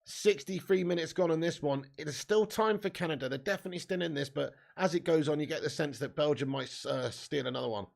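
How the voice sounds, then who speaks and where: A man's voice: on the high side, fast talker, vocal fry, few pauses. Chatty man hosting a football watch-along. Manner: chatty, reads out chat comments. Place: room at home.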